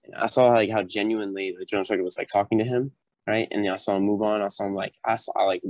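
A man's voice: on the low side, fast, dry recording. A young man, a podcast guest, casually telling a story and acting out what people said. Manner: animated, acts out quotes. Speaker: podcast guest, former recruit.

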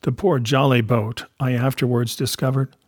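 A man reading an adventure novel aloud at a measured, steady pace. His voice is husky and mid-pitched. The recording is dry and close, with no room sound. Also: no room sound. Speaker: audiobook narrator. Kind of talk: scripted narration of a classic novel.

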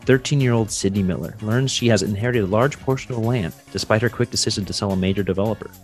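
A man with a fairly low voice jokes quickly in a casual group chat. His delivery is rapid and wry. Faint music sits under the dry, close sound. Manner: quick, joking, reads text aloud. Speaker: co-host.

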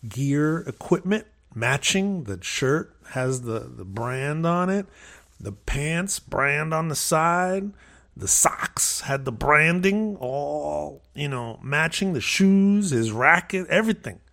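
A man in his fifties chatting casually on a podcast, telling rambling stories with animated asides. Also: a little high, slow, gravelly. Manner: rambling, with frequent restarts and animated quoted asides. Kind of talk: casual storytelling chat.

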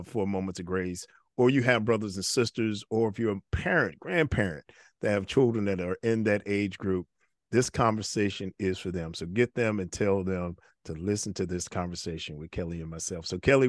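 Middle-aged man, podcast host, very low voice, earnest, repeats himself, dry close sound. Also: no echo. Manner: earnest, repeats words, restarts often. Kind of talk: faith-based interview podcast.

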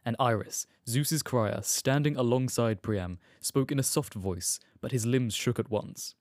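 A man narrating an epic poem as a measured, solemn audiobook reading. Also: medium pitch, a little mellow, no room sound, clean studio sound.

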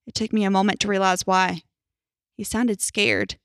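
A young adult woman reading a horror story aloud in a tense, measured first-person narration. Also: medium pitch, very animated, a bit bright, no room sound, studio quality.

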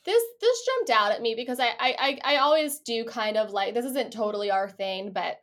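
A woman's voice: a little high, animated, moderate pace, a bit bright. A woman co-hosting a podcast, chatting casually and animatedly, often laughing and swearing offhand. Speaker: podcast co-host. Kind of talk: casual chat recapping a reality show.

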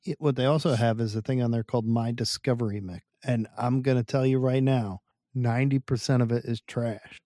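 A man with a mid-pitched, warm, mellow voice co-hosts a podcast. He talks bluntly and teases his co-host, with a dry, close sound. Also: a little fast, no echo. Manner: blunt, animated storyteller, teasing. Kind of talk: casual chat.

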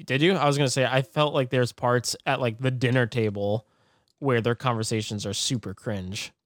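A man co-hosting a podcast, talking through a movie review in a measured, agreeable way while gently disagreeing. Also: medium pitch, steady tone, no room sound, studio quality. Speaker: podcast co-host. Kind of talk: casual movie review chat.

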